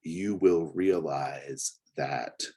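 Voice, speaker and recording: Very deep-voiced husky game master. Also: male voice, extremely slow, dark tone. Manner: hesitant, descriptive, full of fillers. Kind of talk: narrating a tabletop game.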